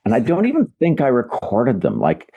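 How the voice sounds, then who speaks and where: A man's voice: mid-range voice, wildly swooping pitch, moderate pace, creaky, warm tone, breathy edge, muffled recording. An older man, a voice actor guest, answering interview questions in an earnest, reflective way, often searching for words.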